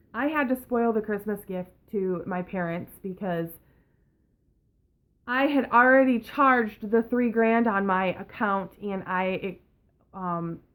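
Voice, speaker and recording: A young woman in a casual storytime vlog, telling a story in an angry, profane, animated way. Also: mid-range voice. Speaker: vlogger.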